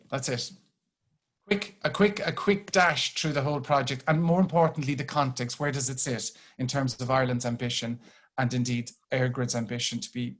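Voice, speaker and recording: A man's voice: mid-range voice, a bit bright. An Irish man giving a webinar presentation over a video call, often restarting his phrases. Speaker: grid company chief executive. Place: home office on a video call.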